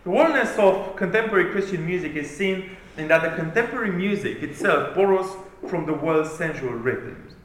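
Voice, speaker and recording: High, animated preacher in echoey room. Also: male voice, fairly quick. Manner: emphatic, declamatory reading. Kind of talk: sermon.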